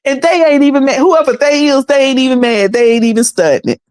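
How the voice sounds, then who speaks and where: A woman hosting her own livestream, talking in a lively, colloquial, preachy way. She laughs often, and her voice sits fairly high. The sound is close and dry. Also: quick pace, dry recording. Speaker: livestream host. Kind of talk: casual livestream commentary.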